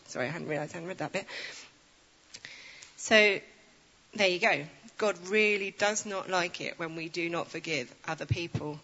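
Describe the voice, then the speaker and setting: Female preacher, low-ish voice, chatty and animated, long reverb, dull lo-fi sound. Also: moderate pace. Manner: chatty, self-deprecating asides, animated storytelling. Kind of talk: informal sermon with Bible reading.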